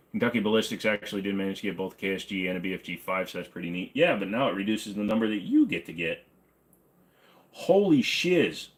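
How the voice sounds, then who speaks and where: A man hosting a casual livestream, reading chat questions aloud and answering with offhand jokes, humming and scatting to himself between answers. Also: lowish voice. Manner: joking, offhand, hums and scats to himself. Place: home room with guns on the wall behind him.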